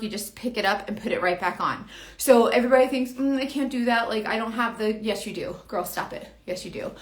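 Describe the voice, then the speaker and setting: A woman's voice: on the high side, fairly bright tone. A young woman giving a casual, rambling makeup tutorial. She chats to herself as she works. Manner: rambling, chatty, talks to herself while working. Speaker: beauty vlogger.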